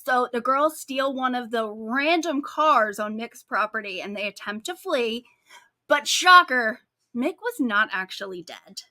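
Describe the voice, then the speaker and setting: Bright, animated woman podcast co-host. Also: on the high side, measured pace, dry recording, clean studio sound. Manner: animated, sarcastic storytelling with frequent likes. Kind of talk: casual true-crime chat.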